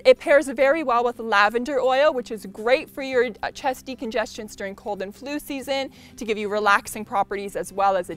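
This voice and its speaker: High-pitched female specialist; cheerful, informative product presenter over soft background music. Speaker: essential oil specialist.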